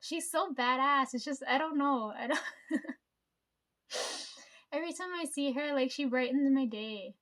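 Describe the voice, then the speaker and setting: A woman's voice: sits high, measured pace, pauses often, fairly bright tone. A woman telling a story to her viewers in a casual chat, rambling, swearing freely and filling her talk with "like" and "right?". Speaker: vlogger.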